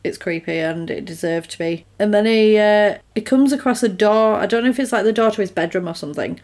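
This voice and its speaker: A woman's voice: medium pitch, a little fast, a little mellow. A woman chatting casually, recapping a film and acting out characters' lines.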